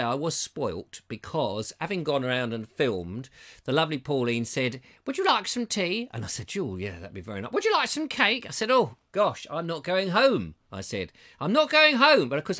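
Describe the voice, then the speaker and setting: A man hosting a live online show, reading out viewer comments in a playful, theatrical, mock-excited and teasing way. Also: fairly high pitch.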